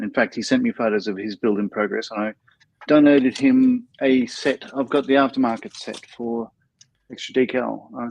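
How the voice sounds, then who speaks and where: A man's voice: mid-range voice, a little mellow, rough recording. A man on a livestream panel, chatting casually and telling anecdotes. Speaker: panel guest. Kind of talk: casual live chat.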